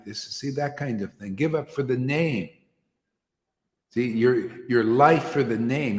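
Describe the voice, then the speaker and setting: Earnest man preaching casually in a roomy hall. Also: medium pitch. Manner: casual, earnest, slangy, with frequent "you know" and "man". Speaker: spiritual teacher. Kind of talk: informal devotional talk to a small group.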